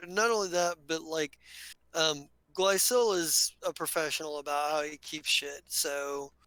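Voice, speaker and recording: A man narrating as game master in a tabletop game, talking haltingly with many restarts. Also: fairly high pitch, steady tone, bright, forceful tone, clean tone, dry recording, rough recording.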